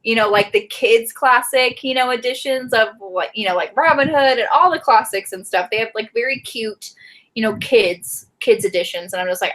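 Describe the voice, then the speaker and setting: A woman's voice: fairly high pitch, lively intonation, normal speed, a bit bright, low-quality recording. A woman co-hosting a book club live stream, talking in a gushing, emotional way and laughing often. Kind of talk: casual live stream chat.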